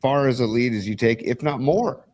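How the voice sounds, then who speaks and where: A man hosting a casual sports chat on a live stream, opinionated and excitable, with lots of fillers and restarts. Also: mid-range voice, moderate pace. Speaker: podcast host.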